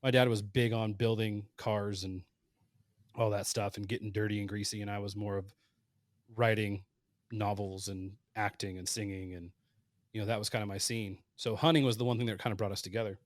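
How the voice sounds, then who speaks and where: A man in his late thirties telling hunting stories casually on a podcast, animated and acting out the voices he quotes. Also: lowish voice, brisk, no room sound, clean studio sound. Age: 30s. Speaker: podcast guest, hunter. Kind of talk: casual storytelling.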